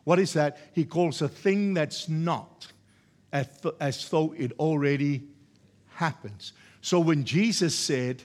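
Slow, high-voiced male preacher. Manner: repetitive, emphatic, rising to loud exhortation. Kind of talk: sermon.

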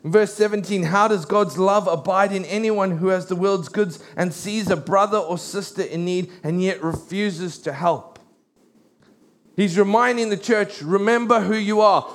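High-voiced animated male preacher. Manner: animated storytelling, slows for scripture. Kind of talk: sermon.

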